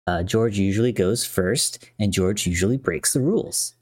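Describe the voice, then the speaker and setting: A man with a lowish voice hosts a casual movie podcast, recorded dry and close. He is laid back, steering the show between segments. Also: moderate pace, a little mellow, dry recording. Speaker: podcast host.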